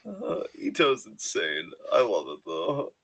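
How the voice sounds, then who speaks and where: A man co-hosting a live wrestling reaction, excitable and swearing, laughing often, tired from being up past four in the morning. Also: fairly low pitch, slow pace, husky.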